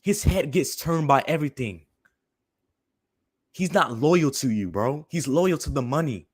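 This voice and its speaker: A man's voice: a little high, expressive, unhurried, husky, dry recording, clean studio sound. A young man hosting a fan stream, ranting angrily and repeating "bro" constantly. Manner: heated, repetitive, says "bro" constantly. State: fuming. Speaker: fan channel host. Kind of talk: angry live-stream rant.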